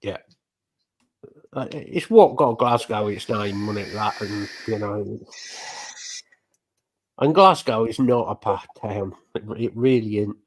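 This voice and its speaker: A man's voice: lowish voice, takes it slowly, pauses often. A middle-aged man, joining in casual live-stream banter, blunt and swearing freely. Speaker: co-host.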